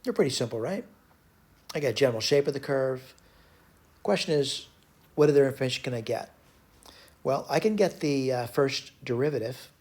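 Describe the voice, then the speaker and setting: A man teaching a recorded math lecture, working through a problem out loud and correcting his own slips as he goes. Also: medium pitch, lively intonation, normal speed, pauses often. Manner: talks to himself while working problems, frequent self-corrections.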